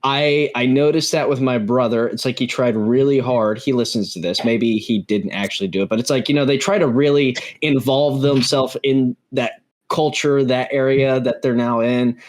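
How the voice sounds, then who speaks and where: A young man from Texas talks through a casual podcast conversation. He rambles and backtracks, restarting his sentences as he thinks aloud. His voice sits in an ordinary middle pitch. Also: steady tone, moderate pace, hardly any pauses. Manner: rambling, self-correcting. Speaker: podcast co-host. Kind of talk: casual chat.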